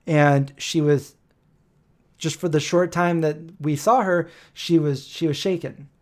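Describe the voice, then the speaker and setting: Man in his forties, slightly higher pitch, rambling live stream host, voices the quotes in his stories. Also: steady tone, unhurried. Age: 40s. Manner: anecdotal, acts out quoted dialogue.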